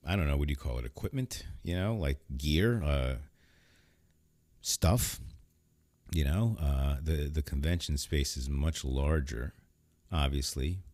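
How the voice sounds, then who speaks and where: A man's voice: rumbling low, darkish tone, no room sound. A man hosting a podcast, talking in a casual, rambling, joking way. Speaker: podcast host. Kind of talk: casual solo podcast talk.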